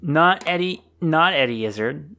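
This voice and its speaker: Young male podcast co-host, smooth voice, casual rambling recaps. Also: a little high, unhurried. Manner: rambling, animated movie recaps with put-on voices. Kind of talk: casual chat.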